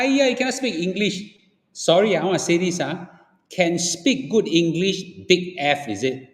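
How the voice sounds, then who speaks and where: A man's voice: a little high, darkish tone. Blunt Singaporean man lecturing, echoey room. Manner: blunt and lecturing, peppered with "okay?" and "ah". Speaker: livestream host. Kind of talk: opinionated livestream talk. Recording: echoey room with long reverb.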